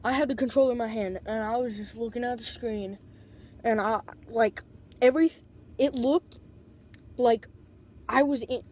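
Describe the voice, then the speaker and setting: A woman with a slightly high, mellow voice tells a loose, wandering story straight into a tablet. She leans on "like" constantly and swears without a second thought. The sound is close and plain. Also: moderate pace, pauses often. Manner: rambling, constant "like" fillers, swears freely. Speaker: vlogger. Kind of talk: casual storytelling.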